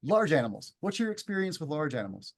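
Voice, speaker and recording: A man with a General American accent, hosting an interview for English learners and speaking clearly and deliberately. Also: on the high side, sing-song. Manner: clear, deliberate, friendly prompting. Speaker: English teacher host. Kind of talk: casual interview.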